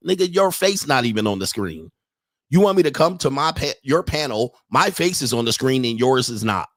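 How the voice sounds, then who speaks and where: A man hosting a livestream in a loose, profane rant, mocking his targets and leaning on "all right" between thoughts. His voice sits at a middling pitch and sounds close and dry, with no room around it. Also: sing-song, a little fast, a bit bright, no room sound. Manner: keeps saying "all right". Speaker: livestream host.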